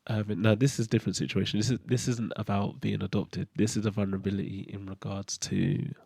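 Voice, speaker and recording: A middle-aged man with a low, gravelly voice talks through his past in a candid, halting monologue. His tone is dark and mellow, and the sound is close and dry. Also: little pitch movement, no echo. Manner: candid, hesitant, with frequent fillers and restarts. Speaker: podcast host. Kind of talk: reflective personal monologue.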